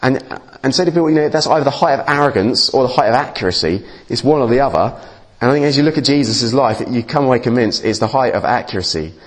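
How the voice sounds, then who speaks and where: Speaking fast in a mid-range voice, a male preacher gives an informal, conversational sermon. He frequently restarts and repeats his words and adds lively asides.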